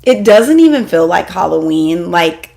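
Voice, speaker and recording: A woman's voice: on the low side, measured pace, vocal fry. Chatty woman live-streaming from home. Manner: chatty and excitable, addresses viewers by name; self-deprecating, apologetic asides. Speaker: homeschool mom vlogger hosting a live stream. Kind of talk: casual live-stream chat.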